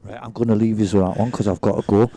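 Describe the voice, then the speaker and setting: Chatty British pool commentator, mellow voice. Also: male voice, on the low side, steady tone, fast, vocal fry, slight background noise. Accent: British English. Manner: chatty, jokey, laughs often. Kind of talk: live sports commentary, casual banter.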